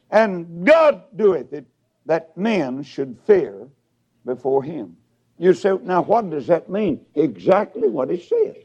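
A male preacher giving a revival sermon, swinging from shouted peaks down to low mutters as he tells stories. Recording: dull lo-fi sound.

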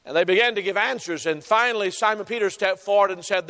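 A man delivers a sermon, pressing his points through repetition and slow, weighted emphasis. His voice sits high for a man. The sound carries a long hall reverb, as from a church sanctuary. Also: pushed and bright. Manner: emphatic preaching with repeated phrases and drawn-out stresses. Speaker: pastor.

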